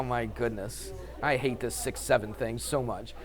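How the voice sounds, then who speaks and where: A man's voice: medium pitch, measured pace, few pauses. A man teaching a math class, telling a story with lots of laughter and acting it out, then teasing his students. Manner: animated, laughs often, acts out story.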